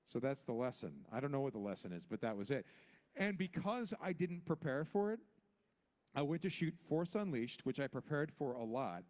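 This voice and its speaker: A man's voice: sing-song, moderate pace, a little mellow. A man in his forties on a convention panel, telling a long anecdote and acting out each character with big jumps in his voice. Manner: acts out every character with big pitch jumps. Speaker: guest actor on a convention panel.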